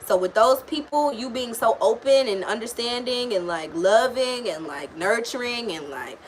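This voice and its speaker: A woman's voice: fairly high pitch, expressive, normal speed, slight background noise. A woman giving a casual live-stream tarot and astrology reading, blunt and slangy, swearing and chatting with viewers. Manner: blunt, slangy, swears freely, talks to chat.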